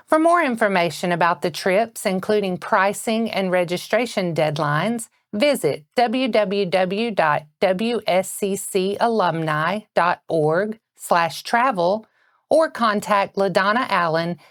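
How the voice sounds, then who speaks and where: A woman anchoring a local morning news bulletin with a Southern American accent, reading in a steady, measured way. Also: medium pitch, no room sound, clean studio sound.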